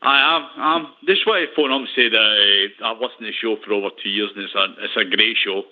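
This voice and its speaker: A man's voice: on the low side, fast talker. A Scottish man calling in to a radio phone-in show, chatty and repeating himself. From Scotland. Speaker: caller. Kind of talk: phone-in chat. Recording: tinny phone line.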